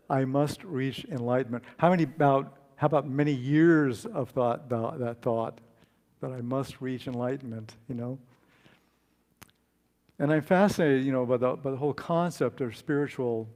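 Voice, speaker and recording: A man preaching a relaxed, conversational sermon, telling a story and speaking with fillers and restarts. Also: mid-range voice. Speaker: speaker and author.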